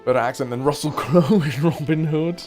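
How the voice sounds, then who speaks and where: A man's voice: fairly high pitch, moderate pace, a little mellow. A man with a southern English accent, chatting casually and joking while he streams a game. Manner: chatty, jokey, swears now and then. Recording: game music behind.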